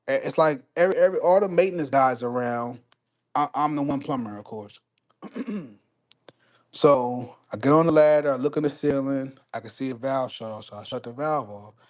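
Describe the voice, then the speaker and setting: A man on a live stream casually telling a story and answering chat, swearing freely and getting heated. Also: mid-range voice. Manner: profane, heated when retelling conflicts, quick asides to chat.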